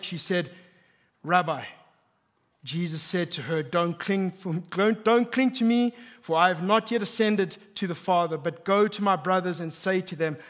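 A married man preaching a sermon as pastor, emphatic and building to near shouts. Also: sits high. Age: adult, married. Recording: long hall reverb.

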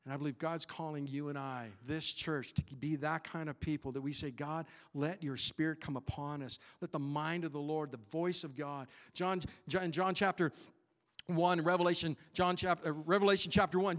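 A man delivering a lively church sermon in a fairly high voice. He talks conversationally, swinging between hushed earnest moments and excited outbursts, and slips into quick character voices for the people in his stories. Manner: animated, conversational preaching with voiced Bible characters. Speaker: pastor.

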